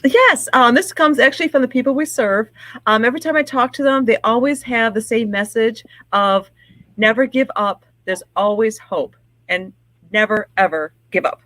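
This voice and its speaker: A woman speaks in an earnest, sincere way, her voice sitting a little high. The sound is dry and close. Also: normal speed, fairly bright tone, dry recording. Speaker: charity guest. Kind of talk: sincere reflection.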